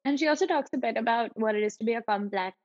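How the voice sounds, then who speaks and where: A woman's voice: on the high side, fast, darkish tone, no echo, long reverb tail, dull audio. A woman co-hosting a podcast, chatting casually and animatedly, often digressing. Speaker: podcast co-host. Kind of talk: casual chat.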